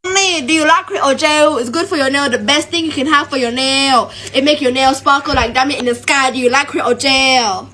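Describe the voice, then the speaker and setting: A woman putting on a pushy nail salon worker with a high, bright, sharp voice, who talks in broken English and keeps upselling. She calls everyone honey, and a faint street hum sits behind her. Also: a little fast, few pauses. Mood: insistent.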